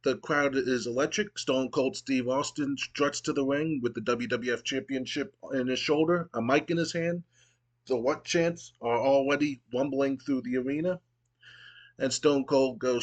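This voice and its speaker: A man hosting a casual let's play, narrating the action in a relaxed play-by-play way with occasional fillers. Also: medium pitch, moderate pace.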